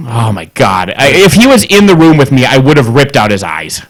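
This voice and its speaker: A man's voice: medium pitch, very animated, normal speed. A man co-hosting a podcast, telling an exasperated, profanity-laced story and mimicking both sides of a phone call. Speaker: podcast co-host. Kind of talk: casual chat, ranting anecdote.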